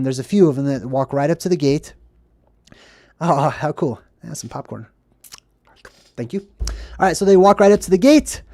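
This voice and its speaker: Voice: mid-range voice, darkish tone, no echo. Chatty livestream host in a dry room. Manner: chatty, upbeat, often asks 'right?'; drops into quick acted quotes. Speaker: host retelling a film to live chat. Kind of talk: casual livestream commentary.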